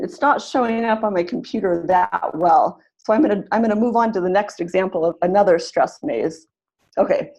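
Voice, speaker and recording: Lowish-voiced woman teaching a webinar. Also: darkish tone. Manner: upbeat, sounds out words slowly syllable by syllable. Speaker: teacher trainer.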